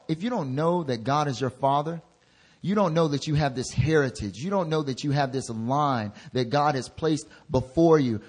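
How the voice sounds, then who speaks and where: A young man preaching a sermon as an intern pastor. He drops into soft, low asides, then rises into loud exhortations. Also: husky.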